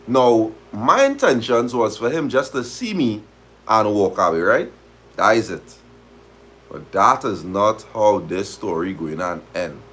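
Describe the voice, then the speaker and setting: Male streamer, husky voice, lively pitch, reads aloud and riffs on the story. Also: a little slow. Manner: animated, dialect-heavy, laughs at the story. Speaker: host of a live talk stream. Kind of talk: reading a story aloud and reacting, casual.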